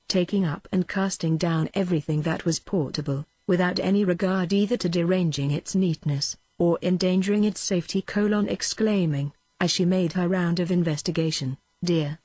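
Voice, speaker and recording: A text-to-speech woman's voice with a British English accent, reading a novel aloud in an even, mechanical way and sometimes speaking punctuation marks. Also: lowish voice, slightly rough, no room sound. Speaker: audiobook narrator. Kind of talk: synthetic audiobook reading.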